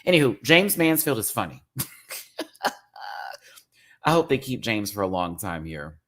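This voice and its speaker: A man giving a casual, sassy rant review of a TV show, full of drag slang and expressive asides. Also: lowish voice, unhurried.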